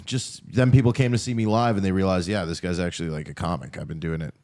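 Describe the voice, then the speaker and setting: A man from Canada, a comedian, tells stories in a casual, wandering way. His voice sits very low and has a smooth, resonant tone. The sound is dry and close. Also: steady tone, quick pace, a little mellow, no room sound. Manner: loose, rambling storytelling with fillers. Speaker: comedian guest. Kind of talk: casual chat.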